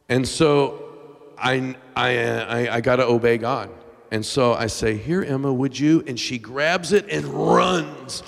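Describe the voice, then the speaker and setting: A middle-aged man preaching a sermon, telling a personal story with strong emotion, dropping to a hush and rising to shouts. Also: mid-range voice, gravelly. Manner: emotional, swings from hushed to shouting. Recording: long hall reverb.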